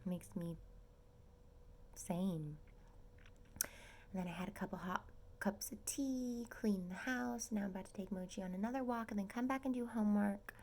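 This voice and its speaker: Young woman, nursing student vlogger, chatty and gushing, gravelly fry, slips into whispers. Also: medium pitch, normal speed, pauses often, a little mellow, slight background noise. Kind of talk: casual vlog update. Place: at home in a small apartment.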